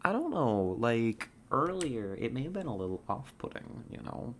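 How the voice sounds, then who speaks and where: A woman's voice: very deep voice, very animated, slow pace, noisy background, pitched above the performer's own voice, heavily acted. A woman voicing a ditzy young valley girl, drawling with lots of fillers and upspeak. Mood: airy, bubbly.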